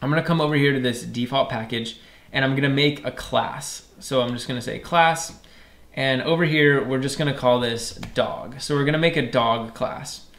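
A man's voice: medium pitch, normal speed, a bit bright, echoey room. A man teaching a programming tutorial, explaining each step plainly and often checking in with "right?". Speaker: programming instructor. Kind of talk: screen-recorded coding tutorial.

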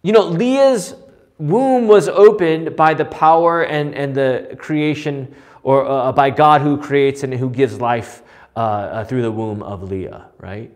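A man's voice: mid-range voice, slow pace. A man teaching a Bible study in a conversational way, often asking "right?" and restarting his sentences. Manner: animated, asks frequent rhetorical "right?" with many restarts.

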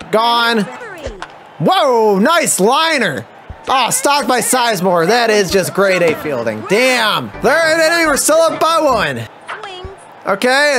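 A man commentating his own baseball video game, excitable, swearing and groaning at the plays. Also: extremely high pitch. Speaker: gameplay commentator. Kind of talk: let's play commentary.

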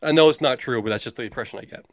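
A man's voice: medium pitch, rapid-fire, dry recording. A man co-hosting a movie review podcast, chatting casually in a rambling, jokey way with the odd swear. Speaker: podcast co-host.

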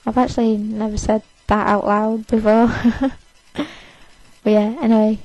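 A woman's voice: on the high side, little pitch movement, measured pace, darkish tone, dry recording, soft background music, rough recording. An eighteen-year-old woman, overtired, rambling defiantly and self-consciously in a casual to-camera rant. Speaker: vlogger.

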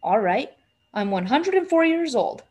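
A woman voicing a relaxed, teasing teenage boy. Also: high voice, unhurried, slightly rough, highs cut off, full character voice. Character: easygoing teenage boy, self-assured and teasing.

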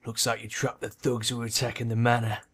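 A man voicing a burned, cocky male orc mercenary who talks in a gruff, mocking way in a game read-through. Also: mid-range voice, monotone, fast talker, fairly bright tone. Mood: dry.

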